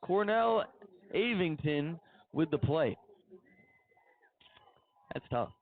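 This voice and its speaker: A man calling play-by-play at a high school football game, chatty and excitable about the action. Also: drawn-out words, phone-quality sound. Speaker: play-by-play announcer.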